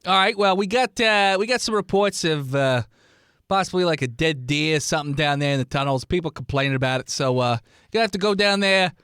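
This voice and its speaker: Curt dispatcher boss on the radio, played by the game master, loud and pushy. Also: male voice, on the high side, fairly quick, smooth, dry recording, clean studio sound, close to an everyday voice. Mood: bossy. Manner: bossy, curt over the radio. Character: gruff male railway dispatcher boss.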